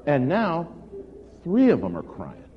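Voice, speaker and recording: A man's voice: fairly high pitch, huge pitch swings, unhurried. A male preacher telling a story from the pulpit in a dramatic, storytelling way. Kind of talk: storytelling sermon. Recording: echoey hall, dull lo-fi sound with faint noise.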